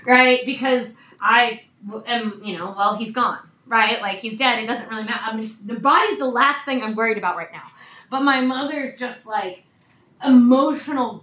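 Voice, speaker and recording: A woman preaching a conversational sermon, often checking in with her listeners with a quick "right?". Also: fairly high pitch, bright, forceful tone. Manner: conversational, frequent "right?" asides. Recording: echoey room, mic at a distance.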